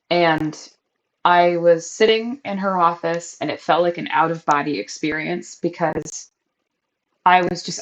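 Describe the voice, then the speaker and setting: A woman's voice: fairly low pitch, fairly even intonation, a little slow. A young adult woman hosting a candid, emotional catch-up podcast, talking over a crackly built-in mic. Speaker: podcast host. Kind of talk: personal catch-up podcast monologue.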